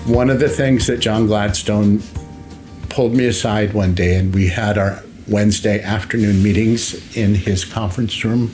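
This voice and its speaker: Older man telling stories, low voice. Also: fairly even intonation, darkish tone, soft background music. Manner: anecdotal, unhurried, many fillers and acted-out quotes. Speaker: longtime school facilities director. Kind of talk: interview storytelling.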